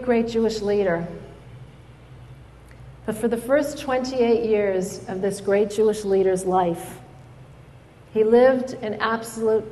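A woman giving a storytelling speech at an event, lively as she acts out the people in her stories. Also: mid-range voice. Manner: animated storyteller, acts out quoted voices. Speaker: speaker at an event. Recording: hall reverb.

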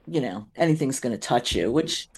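A woman's voice: very deep voice, animated, moderate pace, breathy edge. A middle-aged woman telling rambling stories in casual chat as a co-host, often laughing.

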